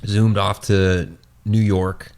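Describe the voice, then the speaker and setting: Deep-voiced man in casual rambling chat. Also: level tone, slow, a little mellow, clear, resonant tone. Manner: rambling, many fillers and restarts. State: losing his voice. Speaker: host.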